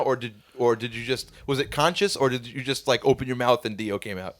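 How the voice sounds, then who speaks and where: A man's voice: medium pitch, a little fast, a bit bright. A man hosting a casual band podcast, talking in a curious, rambling way with lots of fillers. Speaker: podcast host and band guitarist. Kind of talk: casual chat.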